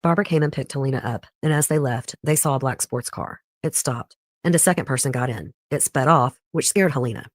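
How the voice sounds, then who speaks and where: A podcast host reading a scripted true crime case in a measured storytelling way, with pointed personal asides. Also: medium pitch, no room sound, clean studio sound.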